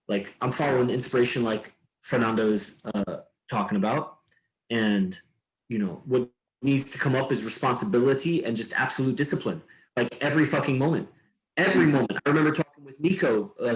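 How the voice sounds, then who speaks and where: Rambling man in a roomy room. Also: medium pitch. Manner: loose, meandering, swears freely. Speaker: podcast host. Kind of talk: casual rambling chat. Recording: roomy echo.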